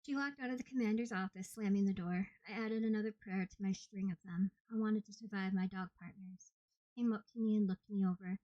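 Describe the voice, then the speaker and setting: A woman narrating an audiobook in the first person with steady, plain storytelling. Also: mid-range voice, brisk, no echo, highs cut off. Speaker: audiobook reader.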